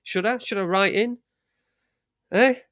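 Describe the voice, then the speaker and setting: A man's voice: sits high, a little slow, a bit bright, dry recording, clean studio sound. A man hosting a live show, talking in a profane, rambling way, full of restarts and trailing thoughts. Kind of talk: casual live-stream rant.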